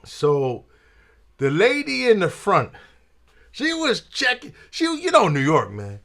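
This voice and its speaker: Channel host, male, slow storytelling with a lively, swinging pitch and jazz slang. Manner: laid-back jazz slang, says "man" and "you dig". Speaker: trumpet player and channel host. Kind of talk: casual storytelling vlog.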